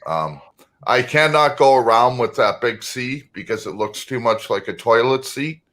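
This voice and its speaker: A man's voice: mid-range voice, lively intonation, normal speed, a bit bright, low-quality recording. Easygoing Canadian man. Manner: easygoing, hesitant with fillers. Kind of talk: casual chat.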